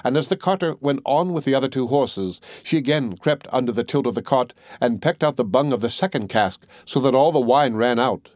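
A man reads a classic fairy tale aloud as an audiobook narrator. His delivery is measured and even, in a mid-pitched voice. The recording is dry and close, with no room sound. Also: no room sound. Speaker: audiobook reader. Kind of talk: storybook narration.

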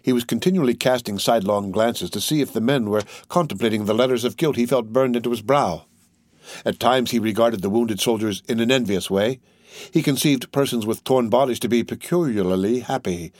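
A man narrating a classic novel as an audiobook in a measured, even reading. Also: mid-range voice, no room sound.

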